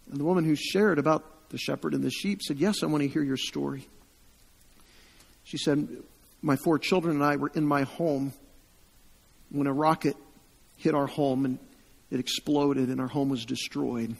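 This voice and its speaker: A man preaching a sermon, retelling a story with quoted voices, rising louder at emotional peaks and dropping to hushed tones. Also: a little high, fairly even intonation, brisk, vocal fry, long reverb tail.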